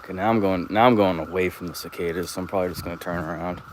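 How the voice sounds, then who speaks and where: A man's voice: low voice, fairly even intonation, racing, slight background noise. A man in his thirties, talking casually and profanely as he walks outdoors, telling stories in a chatty, rambling way. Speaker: vlogger. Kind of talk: casual rambling walk-and-talk. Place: outdoors, walking around an open lot.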